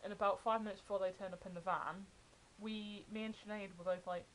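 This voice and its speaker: A woman's voice: medium pitch, fairly quick, hardly any pauses, a little hiss or hum, low-quality recording. Chatty young woman vlogger. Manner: chatty, excited retelling of fan anecdotes. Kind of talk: casual storytelling vlog.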